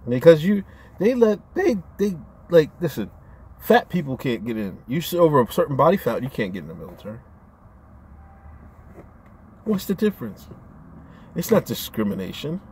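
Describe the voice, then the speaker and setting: A man's voice: on the high side, very animated, normal speed, pauses often, a little mellow, husky. A man ranting on his own channel in a casual, profane, rambling way, often stammering as he restarts his sentences. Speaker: vlogger. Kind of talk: casual rant to camera.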